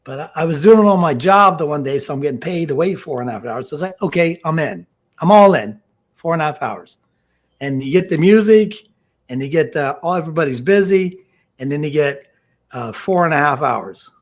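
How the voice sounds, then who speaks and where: A man's voice: a little high, lively intonation, brisk. A man on a video call telling a comic story, playing both sides of a phone call in an exasperated way. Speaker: comedian contestant. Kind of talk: stand-up storytelling. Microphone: video call mic.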